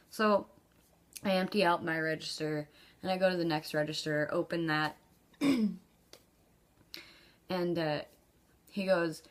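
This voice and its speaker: Telling a personal story in her vlog, a woman keeps things casual and chatty with lots of laughs and ums. When she acts out quoted lines, her pitch jumps up.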